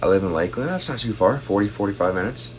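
A man's voice: fairly low pitch, lively intonation, fast, a little hiss or hum. A young man chatting casually on a phone livestream at home, reading out viewer comments and thanking them for gifts.

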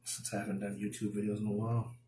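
A man's voice: lowish voice, completely flat delivery, quick pace, warm tone, soft background music. A man from the Bronx with a New York accent, chatting casually through a home DIY job and muttering to himself as he works. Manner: chatty, mutters to himself while working, mild exasperated exclamations. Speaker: DIY YouTuber. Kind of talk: casual DIY video commentary. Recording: echoey room.

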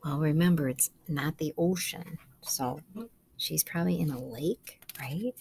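A woman, a kindergarten teacher, reading a picture book aloud to children in a gentle, coaxing way, asking them questions and dropping to soft whispers. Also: low-pitched, a little slow, vocal fry, husky.

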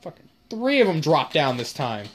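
A woman's voice: low voice, sing-song, moderate pace, slightly rough, faint music behind. A woman giving casual, sweary commentary while playing a zombie game. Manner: casual, swears often, drawls. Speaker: gamer. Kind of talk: gaming commentary.

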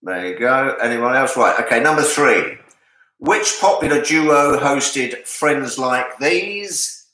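An Englishman runs a charity pub quiz in a bright, easygoing voice. He jokes between the questions and draws out each answer. The sound is roomy and echoey. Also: medium pitch, expressive. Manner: jokey, chatty, reads answers slowly. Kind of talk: casual charity quiz hosting. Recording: echoey room.

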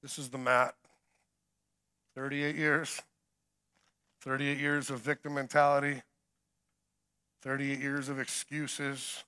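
A middle-aged man preaching a sermon, swinging between emphatic calls and quiet storytelling. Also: medium pitch, little pitch movement, slow, pauses often, clean tone. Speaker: guest preacher.

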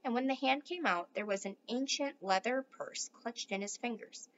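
A woman's voice: fairly high pitch, moderate pace, highs cut off. A woman, a teacher, reading a storybook aloud and speaking directly to her listeners in a friendly way. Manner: warm, friendly address to listeners.

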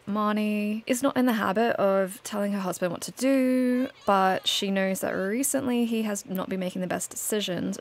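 A woman's voice: medium pitch, slight background noise. A woman narrating her gameplay in a casual, chatty, storytelling way. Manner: chatty, storytelling, laughs now and then. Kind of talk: casual let's-play narration.

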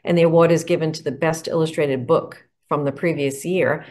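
Middle-aged woman educator, enthusiastic instructional delivery, slightly low pitch. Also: fairly even intonation, a little fast, darkish tone. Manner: enthusiastic, explanatory, poses questions. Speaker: educator presenting picture books. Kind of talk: instructional talk to teachers.

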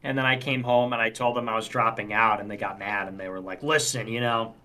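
A man's voice: lowish voice, little pitch movement, fast talker, pushed and bright. A young man streamer chatting casually on a call, matter-of-fact and full of fillers. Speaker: streamer and political commentator. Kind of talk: casual chat.

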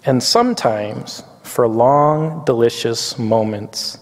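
Gravelly-voiced man preaching in a chapel. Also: medium pitch, a little mellow. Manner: reflective, reads poetry slowly, tearful at times. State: weepy. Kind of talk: chapel sermon. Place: campus chapel. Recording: long hall reverb.

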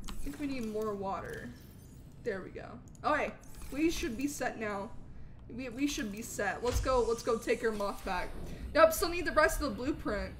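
A woman streaming a game live, excitable and chatting with viewers, with hiccups. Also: fairly high pitch, background noise. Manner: excitable, talks to chat, frequent outbursts. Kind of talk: live gameplay commentary.

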